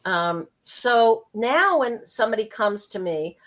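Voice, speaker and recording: A woman guest on an interview show, telling a story in a lively, chatty way with quick asides. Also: on the high side. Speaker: guest, intuitive life coach and medium.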